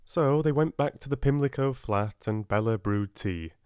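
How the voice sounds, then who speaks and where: A man calmly narrating a relaxing audiobook for sleep, close to the mic. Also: mid-range voice, normal speed, clear, resonant tone, no room sound.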